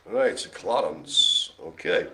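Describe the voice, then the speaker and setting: A man's voice: low-pitched, animated, slow, background noise. A man hosting a live bingo stream, teasing and cracking jokes. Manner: jokey, teasing banter. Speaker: bingo host.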